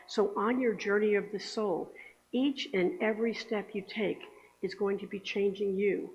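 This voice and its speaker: A woman's voice: mid-range voice, darkish tone, slight background noise. Lady giving a chatty sermon in a church, long echo, kinda dull muffled sound. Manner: chatty, asks the congregation for agreement. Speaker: speaker giving the Sunday message. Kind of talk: conversational sermon. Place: church sanctuary. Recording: echoey hall, dull lo-fi sound.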